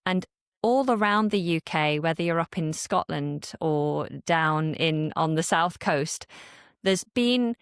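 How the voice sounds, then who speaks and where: A woman from Britain talks as a guest on a podcast, her voice on the lower side and recorded dry and close. She explains with animated energy and acts out people's reactions. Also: slow pace, smooth, dry recording. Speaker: English teacher and guest. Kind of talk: podcast conversation. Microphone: studio podcast mic.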